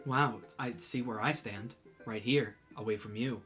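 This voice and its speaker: A man's voice: medium pitch, a little slow, fairly bright tone, soft background music. A man hosting a casual game playthrough, reading the text aloud and laughing often. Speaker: let's play host. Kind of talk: casual gameplay commentary.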